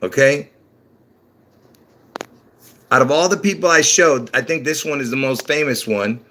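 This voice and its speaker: A man talks on his own livestream in a loose, rambling way, circling back over the same points and then pushing them hard with sudden excitement. His speech is slightly slurred from dentures, and he chuckles when he trips over a word. His pitch sits in a middling range for a man. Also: a little slow. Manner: rambling, repeats himself, bursts into excited emphasis. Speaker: livestream host. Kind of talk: rambling religious livestream talk.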